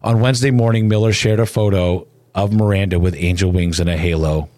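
A man narrating a somber news report in a solemn, measured way. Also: deep voice, fairly even intonation, warm tone, no room sound.

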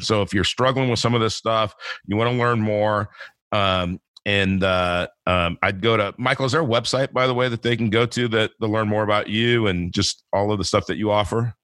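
A man's voice: fairly low pitch, fairly bright tone, no room sound. A man hosting a podcast interview, talking in a rambling, chatty way with frequent restarts. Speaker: podcast host.

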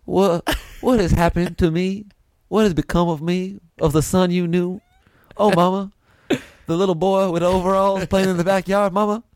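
A man putting on a mock Southern accent as a young man wailing high and plaintively to his mama, like a soldier dying at war. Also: level tone, normal speed, darkish tone, no room sound, studio quality. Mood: mournful wailing. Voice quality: high keening plaintive wail.

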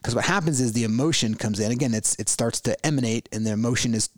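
A man's voice: medium pitch, fast talker, no room sound. A man hosting a solo podcast, giving a reflective spiritual talk full of rhetorical questions and restarts. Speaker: podcast host.

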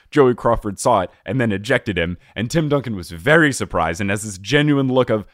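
A man hosting a casual sports podcast, telling stories in an animated way and laughing often. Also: lowish voice, no room sound, clean studio sound. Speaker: podcast host.

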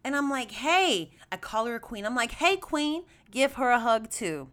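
A woman hosting a podcast, telling a story in a chatty, animated way, addressing her listeners as y'all and acting out quoted voices with big jumps in pitch. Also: normal speed. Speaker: podcast host. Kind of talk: casual storytelling monologue.

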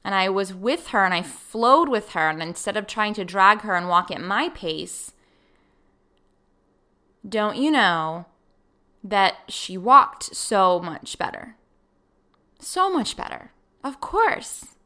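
A woman hosting a solo podcast, telling a personal story in a casual, animated way and acting out her own thoughts. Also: mid-range voice, slow pace, clear, resonant tone. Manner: animated, acts out her own past thoughts, laughs easily. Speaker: podcast host.

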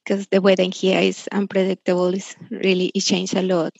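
Earnest, husky-voiced woman caller, forty. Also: medium pitch, completely flat delivery, darkish tone, no room sound. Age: 40s. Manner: earnest, polite, halting. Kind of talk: call-in conversation. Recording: dull dry lo-fi line.

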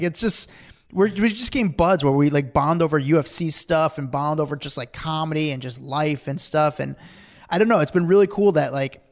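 A man co-hosting a podcast, telling rambling, animated stories in casual chat and acting out what people said. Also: a little high. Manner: rambling, animated, acts out quotes. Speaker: podcast co-host.

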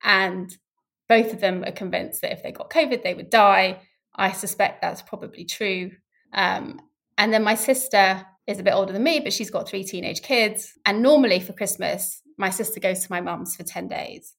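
Woman with a creaky voice. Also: mid-range voice, moderate pace. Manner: candid, animated, laughs easily. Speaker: scientist guest. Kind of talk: casual explanatory conversation.

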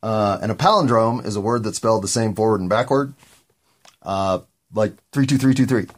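Man, gravelly husky voice, low pitch, candid meandering podcast monologue. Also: moderate pace. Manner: candid, meandering, occasional swearing. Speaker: podcast host. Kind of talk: rambling solo monologue.

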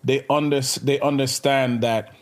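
A man with a Jamaican accent, a podcast guest in casual chat, animated and full of restarts. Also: medium pitch, unhurried. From Canada.

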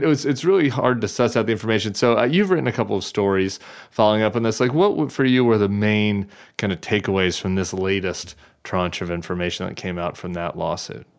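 A man hosting a podcast, with a low, smooth, resonant voice. He talks loosely and gets heated, full of fillers and restarts. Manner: casual, rambling, heated, many fillers. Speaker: podcast host. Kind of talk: podcast interview.

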